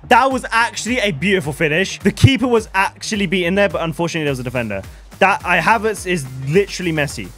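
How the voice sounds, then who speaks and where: A young man streams his video game in an animated, fairly high voice, his pitch leaping around as he talks. He swings from shouted excitement to low mutters, with faint music under him. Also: fast. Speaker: gaming streamer.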